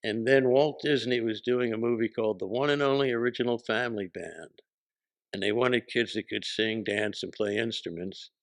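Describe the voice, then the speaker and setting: A man, a podcast guest telling stories in animated casual chat, acting out the voices he quotes. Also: lowish voice, normal speed. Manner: animated, acts out quoted voices, laughs often.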